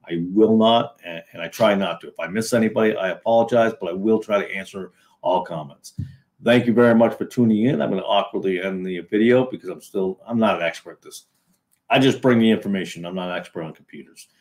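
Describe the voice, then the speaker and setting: Man, from New England, video host, sarcastic, rambling, filler-heavy, slightly low voice. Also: fast, a little mellow. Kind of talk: casual solo commentary.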